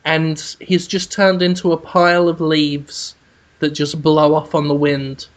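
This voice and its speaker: A podcast host spinning an absurd comic movie pitch in a rambling, deadpan way, full of fillers and restarts. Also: a little slow. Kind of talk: absurd comedic storytelling.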